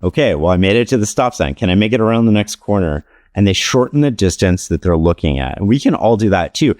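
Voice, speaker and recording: Male author guest, low voice, dry close sound, relaxed storyteller with casual fillers. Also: fast talker, no room sound. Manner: relaxed, anecdotal, many "like" fillers. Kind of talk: conversational interview storytelling.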